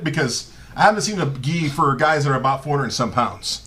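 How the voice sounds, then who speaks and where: A middle-aged man telling comic stories on a live show, animated and profane, often breaking into laughter. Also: a little high, fast. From Southern California. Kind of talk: casual comedic storytelling. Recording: live stream with faint ambience.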